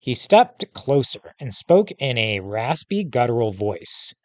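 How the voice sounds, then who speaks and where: Brief: male teacher reading a novel aloud, measured, mid-pitched, dry. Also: big pitch swings, no echo. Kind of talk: storybook narration.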